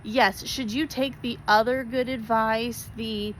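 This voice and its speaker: A woman's voice: on the high side, steady tone, slow pace, a little hiss or hum, poor audio. A woman speaking straight to her viewers in an earnest, pleading way, repeating herself for emphasis. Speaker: spiritual vlogger. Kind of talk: heartfelt direct-to-camera talk.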